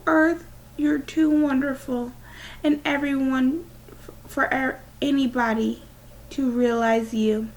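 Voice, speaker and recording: A woman's voice: sits high, darkish tone, voice pushed up, rough recording. A woman reading as a tearful teenage girl onstage. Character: teenage girl giving a tearful farewell speech on stage.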